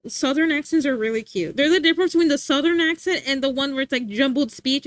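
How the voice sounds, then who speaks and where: A woman's voice: sits high, fast talker, hardly any pauses, dry recording. A woman livestreamer chatting casually with her viewers, giggly and full of filler words.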